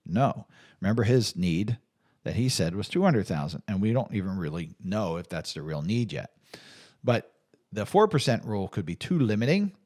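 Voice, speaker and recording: Lowish-voiced man explaining retirement planning. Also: darkish tone. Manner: conversational, many restarts and fillers, pitch rising on emphasis. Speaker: financial planner hosting an advice video. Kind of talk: unscripted explanatory talk.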